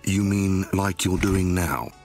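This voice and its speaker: A man's voice: low voice, slow pace, a little mellow. A man voicing Watson, the detective's earnest, fretful male companion in a video game. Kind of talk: game voice acting. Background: game music.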